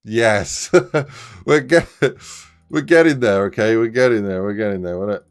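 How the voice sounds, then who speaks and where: A low-voiced man chats casually on a live stream while he builds a game level. He gets excited and laughs a lot, with the odd curse. Faint music plays behind him. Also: unhurried. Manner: excitable, swears, laughs often, bursts into shouts.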